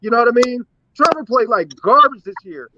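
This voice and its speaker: A man's voice: extremely high pitch, lively intonation, brisk, highs cut off, background noise. A man arguing in a casual sports debate who keeps restarting words and talks over the others.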